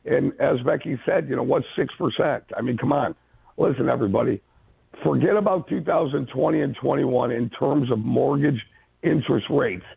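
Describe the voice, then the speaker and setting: Brief: male caller-in, opinionated, very husky voice on a tinny line. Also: medium pitch, normal speed, dry recording. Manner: confident, opinionated. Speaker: guest mortgage analyst. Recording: gravelly tinny phone line.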